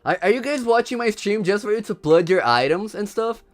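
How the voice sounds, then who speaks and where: Animated young Brazilian streamer. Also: male voice, sits high, a little fast, faint music behind. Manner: laughs often, slangy, repeats himself. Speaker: livestream host. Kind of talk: casual livestream commentary.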